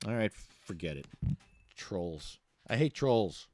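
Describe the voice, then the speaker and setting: Male podcast host, casual ranting monologue, lively pitch, stumbles and restarts. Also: takes it slowly, no echo. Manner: rambling, blunt, with many restarts and fillers.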